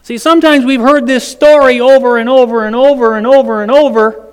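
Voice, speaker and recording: A high, clear male voice preaching slowly and dramatically, throwing questions out to the congregation. The sound rings with a long church-hall reverb. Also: steady tone. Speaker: pastor. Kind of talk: sermon.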